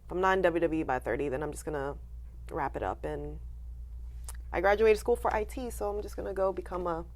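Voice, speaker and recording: Woman, late twenties, lowish voice, animated storytelling, quotes people in little put-on voices. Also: fairly quick. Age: late 20s. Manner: animated, acts out quoted voices, laughs often. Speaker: guest, professional wrestler. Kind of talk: candid interview storytelling.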